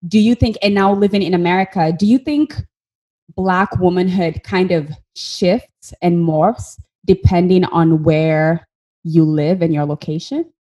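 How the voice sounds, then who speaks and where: A woman's voice: on the low side, a little slow, dark tone. Earnest Kenyan woman host. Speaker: podcast host. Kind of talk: casual conversation.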